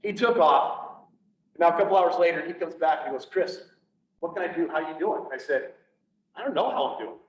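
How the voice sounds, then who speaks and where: A police officer telling a personal story to an audience, candid and blunt, acting out what people said. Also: male voice, fairly high pitch, normal speed. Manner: candid, blunt, acts out quoted dialogue. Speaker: public speaker, police officer. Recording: echoey, distant, slightly dull, faint hiss.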